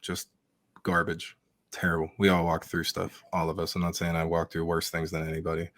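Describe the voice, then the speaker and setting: A man's voice: sits low, monotone, brisk, fairly bright tone, dry recording, studio quality. A man talking as a podcast guest, heartfelt and emotional, swearing freely as he speaks candidly. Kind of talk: candid interview talk.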